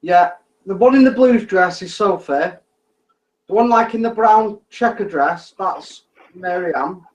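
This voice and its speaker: High-voiced man coaxing spirits. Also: measured pace, low-quality recording. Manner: coaxing, repetitive requests. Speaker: ghost hunter. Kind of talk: calling out to spirits on a ghost hunt.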